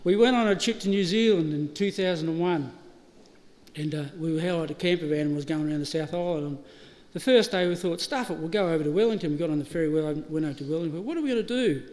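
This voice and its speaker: At a funeral service, a middle-aged Australian man tells stories in a chatty eulogy, laughing and restarting along the way. He has a fairly high, darkish voice and moves at a quick pace, captured on a live stream with hall reverb.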